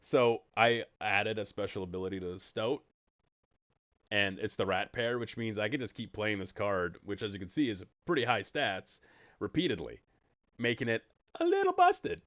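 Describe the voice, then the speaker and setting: A man giving casual, jokey commentary while streaming a card game, breaking into sudden high excited yelps. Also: moderate pace, highs cut off.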